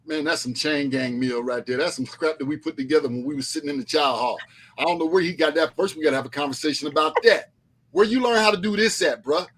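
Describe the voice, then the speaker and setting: A man on a talk panel, telling jokes with an animated storytelling manner. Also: fairly high pitch, fast. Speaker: panel guest. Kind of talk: comedic chat.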